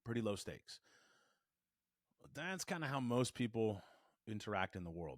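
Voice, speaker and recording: Animated male voice coach, dry close mic. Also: on the low side, moderate pace, no room sound. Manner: animated, demonstrative, shifts resonance to show it. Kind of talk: spoken voice lesson to camera. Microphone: studio microphone.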